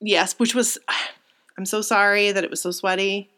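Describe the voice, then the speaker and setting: A young woman co-hosting a casual chat, retelling a story in an excited, rambling and emotional way, full of fillers and restarts. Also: medium pitch, moderate pace. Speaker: co-host.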